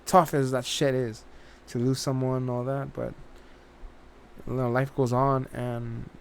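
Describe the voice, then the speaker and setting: A man's voice: medium pitch, flat delivery, measured pace, vocal fry, a little hiss or hum. A man hosting a reaction channel, giving a rambling, casual spoken review, often restarting his sentences and swearing now and then.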